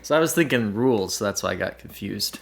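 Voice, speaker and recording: A man co-hosting a casual advice podcast, teasing and quick to laugh. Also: on the low side, lively intonation, creaky, slight background noise. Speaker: podcast co-host. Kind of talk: casual chat.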